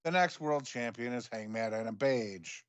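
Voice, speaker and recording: A man co-hosting a wrestling podcast, recapping events quickly in a run-on, casual way. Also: mid-range voice, lively intonation, clean tone. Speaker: wrestling show co-host. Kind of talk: recapping a show in casual chat.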